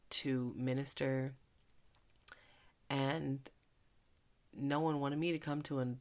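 A woman from Philadelphia with a very deep, gravelly voice hosts a casual devotional podcast as a faith minister. She's chatty and earnest, dropping into a soft hush whenever she turns to prayer.

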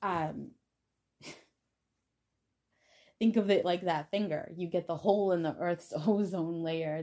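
A woman with a slightly low voice talks straight to her viewers in a casual spiritual monologue. She is blunt and defiant, and she swears freely as she makes her points. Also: takes it slowly, pauses often, mellow. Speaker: vlogger.

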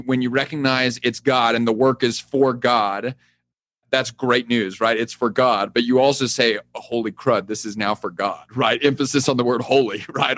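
A man hosting a faith-based leadership podcast. He is enthusiastic, laughs easily and thinks out loud as he builds his questions. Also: mid-range voice, a little hiss or hum. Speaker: podcast host.

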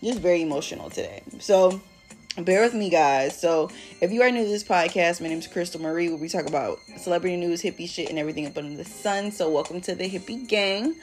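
A woman's voice: lowish voice, fast talker, faint music behind. A young woman hosting a casual solo podcast, chatting in a slangy, rambling way with lots of "like", and feeling emotional today. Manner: slangy and rambling, heavy use of "like". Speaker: podcast host.

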